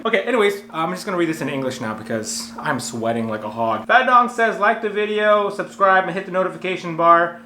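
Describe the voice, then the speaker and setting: A man hosting comedic commentary on fail videos from a warehouse, talking in an energetic, jokey, self-mocking way. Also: a little high, fast. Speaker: host of a fail commentary channel. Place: warehouse full of clothes. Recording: echoey warehouse with a faint hum.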